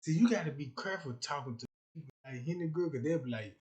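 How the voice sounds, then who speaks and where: A man's voice: a little high, lively intonation, fast talker, darkish tone. A young man rambling through a crude comic livestream rant, boastful and repeating "you know what I'm talking about.".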